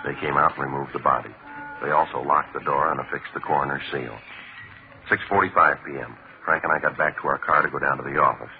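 An actor playing a calm, methodical police detective narrating an old radio crime drama. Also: male voice, a bass voice, quick pace, gravelly, faint music behind. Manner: flat, matter-of-fact procedural delivery. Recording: tinny old radio broadcast with loud hiss.

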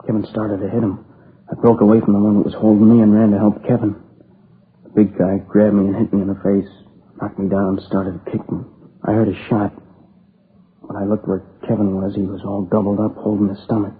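Guy playing a young man grieving his buddy, kinda low and flat, halting, tinny old radio sound. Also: close to an everyday voice. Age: young adult. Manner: halting, subdued, plain-spoken. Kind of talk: radio drama acting. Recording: tinny lo-fi old radio recording with faint hiss.

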